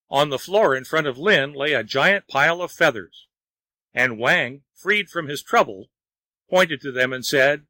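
A man narrating a folk tale aloud in a measured storytelling manner. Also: a little high, pushed and bright, no room sound, rough recording.

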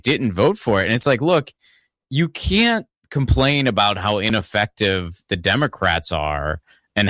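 In a somewhat low, slightly bright voice, a Pittsburgh, Pennsylvania podcast host chats about politics casually. He curses, rambles, restarts sentences, and throws in asides, and the audio is studio quality with no echo.

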